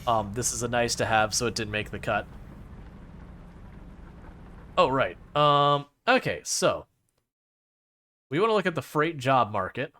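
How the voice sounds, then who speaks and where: A man's voice: mid-range voice, lively intonation, moderate pace, pushed and bright, a little hiss or hum. A man chatting casually to his chat while streaming a driving game, rambling with lots of fillers and playfully mocking the game.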